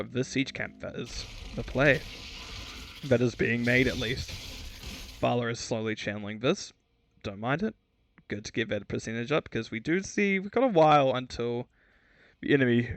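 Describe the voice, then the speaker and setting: A man calls a video game match solo as an esports caster, speaking in a mid-range, fairly bright voice with no echo. His style is chatty and joking, and he pokes fun at himself, tripping over names and then correcting them.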